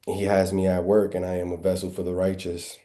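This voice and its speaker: A low-voiced man with a very dark, mellow tone. He talks like a preacher on a live trading stream, throwing out rhetorical questions and answering them himself. He drifts between soft, quick asides and slow, stressed points. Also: completely flat delivery. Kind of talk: preaching-style casual talk.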